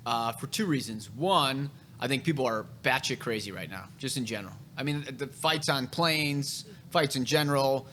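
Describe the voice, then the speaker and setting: A man's voice: mid-range voice, sharp tone, slight background noise. A man hosting a casual podcast chat, telling real estate stories in a blunt, profane way.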